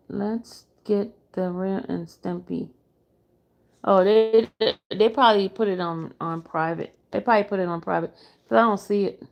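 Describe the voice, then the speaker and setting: A woman's voice: mid-range voice, vocal fry. A woman reacting to a livestream, exasperated, talking to her viewers while she searches for the clip. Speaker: commentary streamer.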